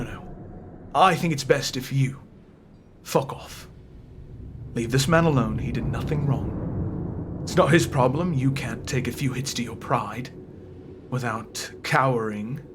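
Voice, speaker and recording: A man's voice: mid-range voice, noisy background, natural voice. A man voicing an old wandering male bard who stammers politely, then turns coldly threatening. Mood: cold, menacing.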